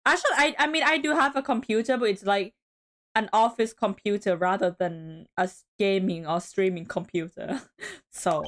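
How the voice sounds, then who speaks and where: A woman's voice: medium pitch, moderate pace, a little hiss or hum. A woman streamer chatting casually over gameplay, giggly and rambling, often cutting herself off. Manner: giggly, rambling, self-interrupting.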